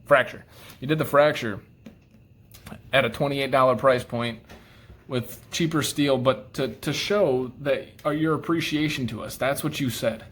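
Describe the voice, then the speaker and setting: Guy venting about his hobby, swears a lot, rambles and restarts, middle pitch. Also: a little slow, fairly bright tone, slight background noise. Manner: frustrated, profane, rambling; self-deprecating, apologetic asides. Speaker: knife collector vlogger. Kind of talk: casual ranting monologue.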